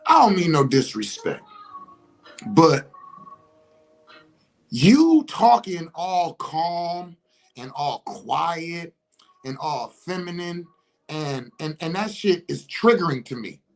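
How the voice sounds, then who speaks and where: A man's voice: a little high, big pitch swings, slow pace, long pauses, faint music behind, full character voice, poor audio. A man voicing an agitated man who protests, stammering, at his date.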